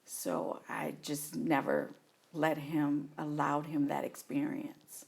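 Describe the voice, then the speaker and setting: A middle-aged woman from New Orleans speaks in a deep voice with a gravelly edge. She tells her story in an interview, and she acts out the things she once said and felt. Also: slow. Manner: animated retelling, acts out her own past reactions. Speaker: guest, mother of an incarcerated son.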